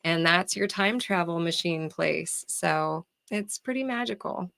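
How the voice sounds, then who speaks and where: A woman speaking as a spiritual teacher guest in a casual podcast chat, earnest and explanatory, with quick bursts of words. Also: lowish voice, vocal fry, a bit bright, no room sound.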